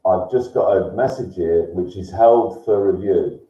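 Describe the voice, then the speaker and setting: A man hosts a live stream, rambling through viewers' messages and bursting into sweary rants. His delivery is slow with a mellow, dark tone. He sits well back from the mic in an echoey room, and the sound is dull and lo-fi. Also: deep voice. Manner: swings into loud swearing rants, laughs a lot. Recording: roomy, distant, dull lo-fi sound.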